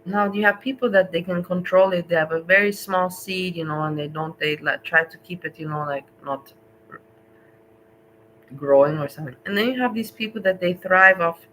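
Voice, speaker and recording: Lower-voiced woman making wry asides. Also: moderate pace, fairly bright tone, slight background noise, low-quality recording. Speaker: reaction streamer. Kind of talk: casual reaction commentary.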